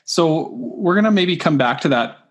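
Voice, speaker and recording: A man hosting an interview podcast with a slightly husky voice. He asks questions in a relaxed, friendly way, filling pauses with ums and likes. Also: fairly high pitch. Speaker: podcast host. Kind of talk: casual interview chat.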